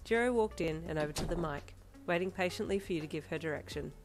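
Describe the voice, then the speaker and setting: A woman with a low voice narrates a romantic fan fiction story in second person. She keeps a calm, even storytelling pace. Soft music runs faintly behind her. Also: fast talker.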